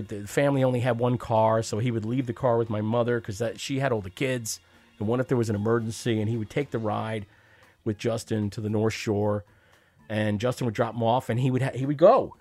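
Wry, profane New storyteller, middle-pitched man, over faint background music. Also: darkish tone, no room sound. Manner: wry, profane, acts out quoted voices. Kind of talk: personal storytelling monologue.

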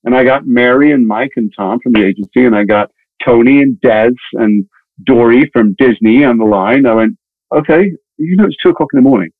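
A man's voice: medium pitch, no room sound. A man, an actor, telling a long showbiz anecdote in casual interview chat and acting out the other voices in his story. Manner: fast, animated storytelling with voiced quotes. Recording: tinny phone-like audio.

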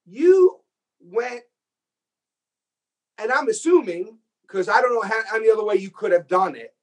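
A man interviewing an actor, animated and enthusiastic, acting out scenes as he tells the story. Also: sits high, quick pace, low-quality recording. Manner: enthusiastic, acts out quoted scenes. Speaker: host and filmmaker.

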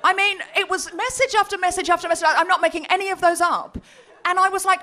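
A woman's voice: extremely high pitch, quick pace. A woman telling a comic story on a live comedy podcast, reading out messages with relish. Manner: animated, reads out messages with relish. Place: comedy festival stage before a live audience.

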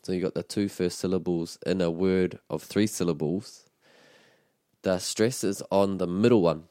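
A deep, mellow-voiced man works through phrases in a language lesson. He explains each one patiently and models how to say it. The sound is close and dry. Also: fairly even intonation, moderate pace, dry recording. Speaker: te reo Māori teacher.

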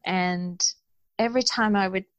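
A woman, a guest in a conversational interview, speaks earnestly and tells her story with animation. Her voice sits at a middle pitch. The recording is dry and close, with no room sound. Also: fairly even intonation, unhurried, no echo, highs cut off.

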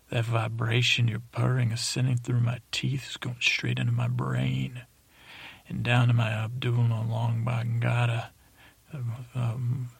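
A man voicing a touchy female wildcat with giant teeth in a meandering bedtime story, speaking haltingly. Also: mid-range voice, vocal fry, slightly rough, no room sound, full character voice. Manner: halting, wandering speech. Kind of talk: sleep podcast storytelling.

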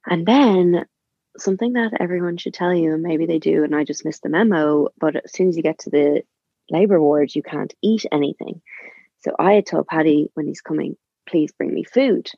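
Low gravelly-voiced woman chatting. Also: moderate pace, dark tone, no echo, muffled recording. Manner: chatty, rambling, many fillers. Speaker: guest. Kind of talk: casual storytelling.

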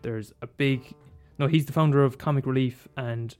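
At a moderate pace and middling pitch, a man chats casually about films, animated and swearing freely. He bursts into high exclamations when worked up, with faint guitar music playing behind him.

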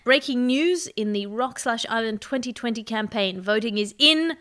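Woman doing silly fake news in a straight newsreader voice, kinda high. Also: expressive, normal speed, fairly bright tone. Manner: mock-serious newsreader delivery. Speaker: podcast host reading comic news. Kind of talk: deadpan comic news reading.

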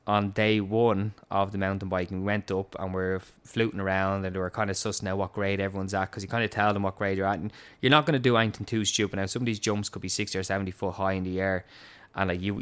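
A young Irish man telling a story in casual chat, animated, swearing and laughing often. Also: sits low, fast, clear, resonant tone.

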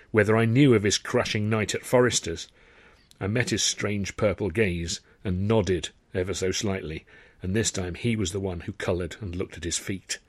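A man narrating his own book in a wry, chatty storytelling manner. His voice sits on the low side and is recorded dry and close, with no room sound. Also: dry recording. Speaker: author-narrator. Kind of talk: scripted audiobook narration.

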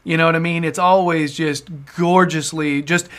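A man's voice: fairly high pitch, fairly even intonation, moderate pace, a bit bright. A young man, hosting a casual podcast and rambling with easy laughs and casual swearing. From American South. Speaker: podcast host.

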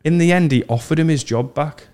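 A young man hosting a casual podcast, telling animated stories and mimicking voices. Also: fairly high pitch, brisk. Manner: animated storyteller, mimics voices in his anecdotes. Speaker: podcast host. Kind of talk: casual chat, storytelling.

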